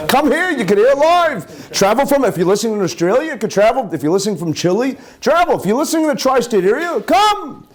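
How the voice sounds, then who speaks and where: Rabbi at the lectern for a live Torah class: a man with a high, very expressive voice who keeps asking the room questions. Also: fairly quick, hardly any pauses. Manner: animated, peppers talk with rhetorical questions and Hebrew terms. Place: live class with an audience present.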